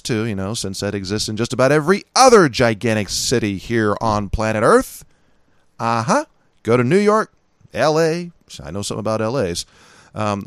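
A middle-aged man with a Californian accent hosting his own podcast, talking in a folksy, chatty way with lively emphasis. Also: on the low side, no room sound. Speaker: podcast host. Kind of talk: casual solo podcast talk.

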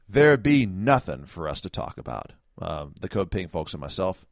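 Wry, lively man telling a story. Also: on the low side, moderate pace, gravelly, no echo, clean studio sound. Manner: wry, conversational, chuckling asides. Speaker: political commentator. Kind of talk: first-person storytelling monologue.

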